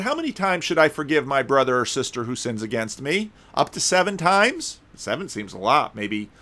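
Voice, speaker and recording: A preacher with a slightly high, somewhat bright voice gives a conversational sermon. He reads scripture aloud, breaks off for wry, casual asides, and sometimes stumbles and restarts.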